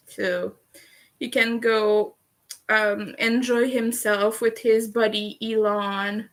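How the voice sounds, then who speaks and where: A Canadian woman chats through a relaxed livestream, taking her time over every sentence. Her voice sits a little high, and she laughs often and swears casually. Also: slow. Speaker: livestream host. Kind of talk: casual livestream chat while crocheting.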